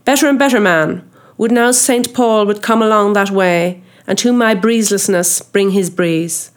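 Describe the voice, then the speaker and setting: A woman's voice: medium pitch, moderate pace, smooth, close to an everyday voice. A woman reading a brooding old sea captain. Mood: elated. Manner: solemn, grandly declaiming old-style speech. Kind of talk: audiobook character reading.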